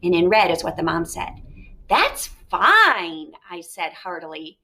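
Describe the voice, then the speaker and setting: A woman's voice: fairly low pitch, flat delivery, a little fast, vocal fry. A woman teacher giving a recorded lesson, explaining step by step and thinking aloud with questions.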